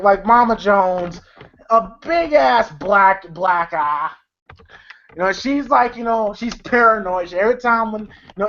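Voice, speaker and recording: A man's voice: sits high, fairly bright tone. Rambling casual movie reviewer man. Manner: rambling, full of fillers and laughter. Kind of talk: casual retelling of film scenes. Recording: slightly dull lo-fi audio.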